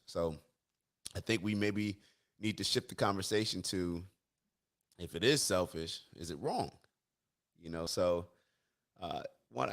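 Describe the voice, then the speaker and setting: A man hosting a live stream, talking casually and giving his opinions, often repeating and restarting his phrases. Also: deep voice.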